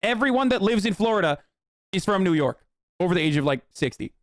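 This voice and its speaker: A man's voice: high voice, animated, fairly quick, dry recording, clean studio sound. A man casually riffing as a streamer, reacting to posts with mocking, profane commentary.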